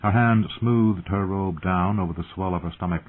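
Man, audiobook narrator, measured tense storytelling, low husky voice, phone-like audio. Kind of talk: dramatic fantasy audiobook narration.

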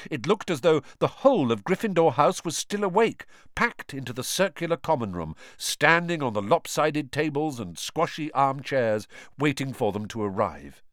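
A man narrating a children's novel in an expressive storytelling manner. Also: fairly high pitch, moderate pace, dry recording, clean studio sound. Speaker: audiobook narrator. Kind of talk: scripted narration.

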